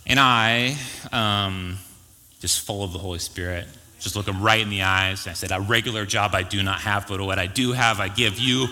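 Bright-voiced man preaching in a hall. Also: lowish voice, brisk. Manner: casual, self-deprecating, joking asides. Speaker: pastor. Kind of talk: conversational sermon storytelling. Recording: reverberant church hall.

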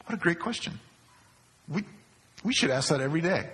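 A man's voice: fairly high pitch, animated, a little fast, a bit bright. A male pastor preaching a sermon, repeating key phrases for emphasis. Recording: long hall reverb.

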